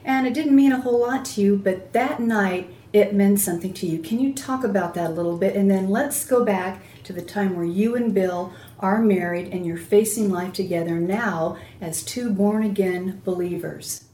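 A woman's voice: medium pitch, normal speed, hardly any pauses, mellow. Woman host in an echoey room. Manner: prompting, summarizing the guest's story. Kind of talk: faith talk-show interview.

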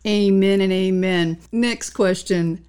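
A woman hosting a faith interview, asking measured, affirming questions. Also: medium pitch, steady tone, a little mellow, clear, resonant tone. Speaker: host.

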